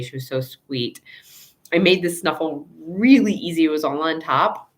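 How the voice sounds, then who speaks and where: A veterinarian from the Chicago area, USA, hosts a casual live Q&A, chatty and rambling, full of asides and acted-out quotes. She speaks in a low voice with a fairly bright tone.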